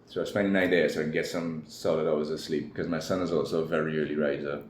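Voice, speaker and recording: A man with a Trinidadian accent and a very deep voice tells a raw, candid personal story as an interview guest. The room sounds echoey, with a faint hum of noise behind him. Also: fairly even intonation, fast.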